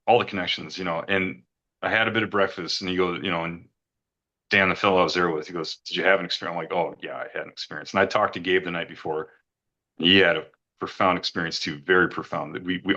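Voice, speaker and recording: Deep-voiced man telling an emotional story. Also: bright, forceful tone, highs cut off. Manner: earnest, rambling, repeats words when moved. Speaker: retreat guest giving a testimonial.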